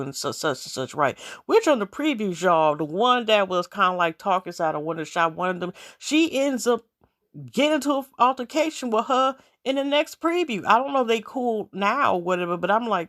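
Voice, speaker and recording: A woman's voice: lowish voice, animated, moderate pace, fairly bright tone. A woman casually recapping a reality show episode, rambling with lots of fillers and talking straight to her viewers. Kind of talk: casual chat.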